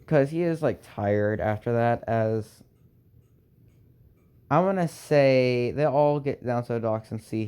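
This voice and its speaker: A young man improvising a fan story aloud, halting and restarting with lots of fillers and sighs. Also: medium pitch, a little mellow, clear, resonant tone.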